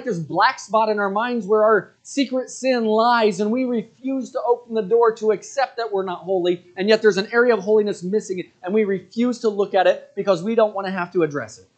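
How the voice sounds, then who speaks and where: A man preaching a sermon to his church congregation, with animated delivery that rises into indignant outbursts. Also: high voice, a little fast, few pauses. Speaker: pastor. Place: church sanctuary.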